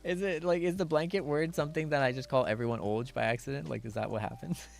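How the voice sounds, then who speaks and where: This streamer host talks fast in a creaky, mid-range voice. He's a man running a casual chat stream, giggling playfully through viewer messages, switching between English and Japanese, and signing off with cat-like "nyan."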